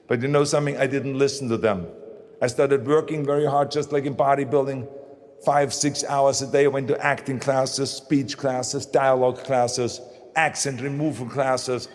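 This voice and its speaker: A man's voice: medium pitch, steady tone, normal speed, slight background noise. A man with a German accent giving a motivational speech in emphatic, punchy short phrases. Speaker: motivational speaker. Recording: long hall reverb.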